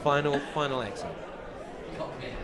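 A man's voice: medium pitch, moderate pace, a crowd in the background. A man from England hosting a comedy podcast, teasing his guests and laughing often. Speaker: host.

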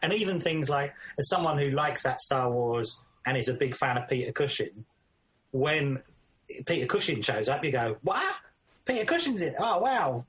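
A man's voice: medium pitch, moderate pace, fairly bright tone. Thoughtful man in casual chat. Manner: thoughtful, hesitant, loose phrasing. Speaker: film discussion co-host.

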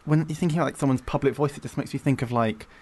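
A man's voice: mid-range voice, fairly even intonation, rapid-fire, a little mellow. A man talking casually as a guest, chatty and hesitant, full of fillers and restarts. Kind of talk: casual podcast chat.

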